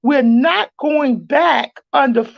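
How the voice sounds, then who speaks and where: A woman's voice: sits high, slow pace, vocal fry, dull audio. A woman hosting a podcast, talking with fervent, preacher-like emphasis. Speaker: podcast host. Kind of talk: casual chat.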